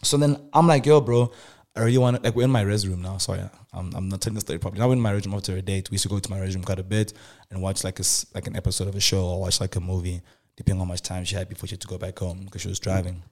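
A young man hosting his show, telling a comic personal story and acting out the dialogue with sudden loud, high bursts. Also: fairly even intonation, racing. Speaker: host.

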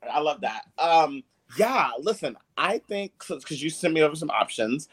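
A man's voice: on the high side, very animated, normal speed, fairly bright tone, breathy edge. A man hosting a casual chat, enthusiastic and gossipy, with lots of fillers. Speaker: host.

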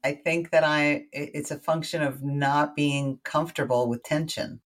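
A woman from the United States, a guest in an interview, telling a story in a lively, casual way with wry asides. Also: deep voice, normal speed.

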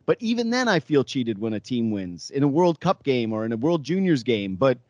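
A man co-hosting a sports podcast in casual chat, animated and jokey, acting out quotes. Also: mid-range voice, brisk, no room sound, highs cut off.

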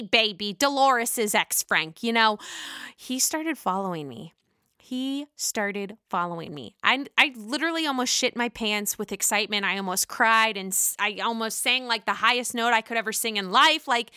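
Pittsburgh woman host, excitable gossip talker, higher pitch, crisp and dry. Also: no room sound. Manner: excitable, profane and gushing. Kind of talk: casual reality-TV gossip commentary.

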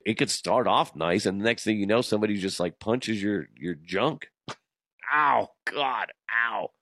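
A man's voice: lowish voice, measured pace, bright, forceful tone, no echo, clean studio sound. A man reading out listener messages on a comedy podcast, amused and laughing between lines. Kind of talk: casual comedic chat.

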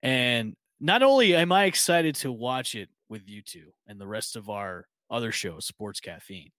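A man co-hosting a casual sports podcast, talking excitedly and rambling with lots of restarts. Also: mid-range voice, moderate pace, no echo. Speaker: podcast co-host. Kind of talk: casual chat.

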